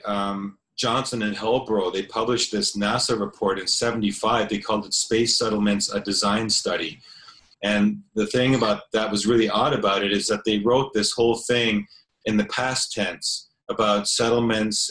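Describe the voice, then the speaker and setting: A man, a film director, interviewing an author over a video call, speaking haltingly with many restarts. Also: lowish voice, a bit bright, roomy sound, rough recording. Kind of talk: online interview.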